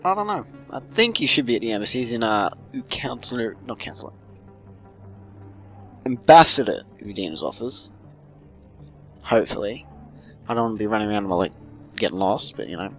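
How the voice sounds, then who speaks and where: A man gives loose, casual commentary while he plays a game. He rambles, swears and jokes to himself, his pitch moving a lot, over faint game music. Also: animated, normal speed, long pauses. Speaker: gamer playing through a story game.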